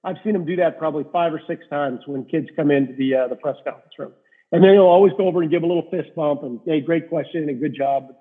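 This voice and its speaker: A middle-aged man with a husky, slightly high voice tells rambling stories as a guest, leaning on fillers as he goes. He is a rink-side hockey reporter, and he comes through a tinny, phone-like line. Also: quick pace. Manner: rambling anecdotes with many fillers. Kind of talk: casual storytelling interview.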